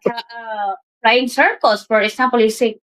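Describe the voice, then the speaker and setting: Filipino lady co-hosting, high bright voice, playful and cheery. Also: fairly even intonation, moderate pace, poor audio. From Philippines. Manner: cheerful, playful, breaks into loud greetings. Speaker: co-host, the host's partner. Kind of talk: casual livestream chat.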